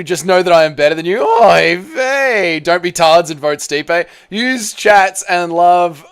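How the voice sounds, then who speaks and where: A man hosting a live stream, bantering with his chat and calling out vote counts in an excitable, teasing way. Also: on the high side, unhurried, smooth, faint music behind.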